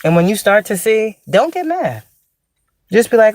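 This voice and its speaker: A woman's voice: fairly low pitch, very animated, normal speed, no room sound, studio quality. A woman spiritual teacher in a casual, blunt, profane monologue, laughing often and drawing out sarcastic asides.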